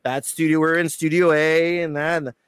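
A man telling a profane, animated story as a guest on an interview show, acting out quotes. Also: a little high, moderate pace, smooth, no room sound. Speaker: guitarist guest.

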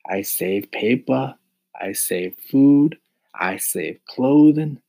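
A man's voice: fairly low pitch, slow pace, pitched above the performer's own voice. A man voicing a fussy, stingy male mouse in an audiobook, speaking in a theatrical, self-pitying way. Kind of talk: audiobook character voice.

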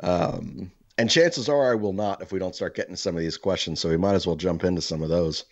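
A man's voice: sits low, a little fast, dry recording, highs cut off. A man hosting a podcast, telling long, profane, rambling stories full of restarts and asides. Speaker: podcast host. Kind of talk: casual podcast chat.

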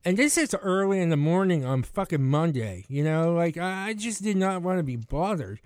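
A man's voice: fairly high pitch, lively intonation, normal speed, darkish tone, smooth, no room sound, studio quality. A man casually telling rambling stories about driving passengers, laughing often and acting out what people said. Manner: rambling, laughing, restarts and acted quotes. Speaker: rideshare driver telling stories. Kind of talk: casual podcast chat.

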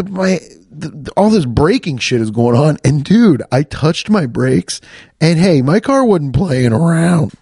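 A man's voice: high-pitched, darkish tone, dry recording. A man ranting in a casual monologue into a close podcast mic, profane and exasperated, with lots of restarts.

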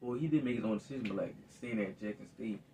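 A man's voice: lowish voice, fast talker, dark tone, far from the mic, slight background noise. A man co-hosting a podcast, joking around in loose, slangy casual chat. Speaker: podcast co-host.

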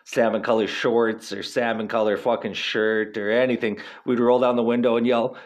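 Man, podcast host, casual rambling, swears a lot, slangy, medium pitch. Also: level tone, moderate pace. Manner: profane, laid-back, laughing, slangy.

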